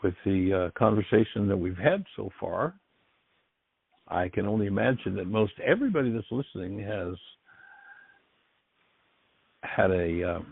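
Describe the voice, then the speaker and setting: Low raspy guy hosting call-in radio, earnest and encouraging, sounds like a thin phone line. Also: expressive, moderate pace, long pauses. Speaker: radio call-in show host. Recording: dry, tinny phone-like line.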